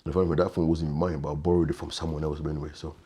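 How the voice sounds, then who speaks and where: A man, telling a painful personal story as an interview guest, halting and repeating words, often quiet and subdued. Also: rumbling low, level tone, slightly rough.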